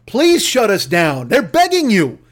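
A man's voice: high-pitched, huge pitch swings, measured pace. A man delivering an angry, profane, mocking comedic rant.

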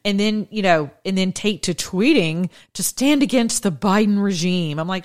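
A woman's voice: mid-range voice, animated, normal speed, hardly any pauses. A woman hosting an opinion podcast, talking in a sarcastic, combative way and laughing often. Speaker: podcast host. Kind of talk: opinion monologue.

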